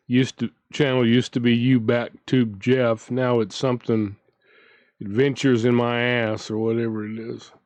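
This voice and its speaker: A man's voice: medium pitch, a little mellow, no room sound. Indignant rambling man, dry close sound. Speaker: commentary channel host. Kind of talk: casual ranting commentary.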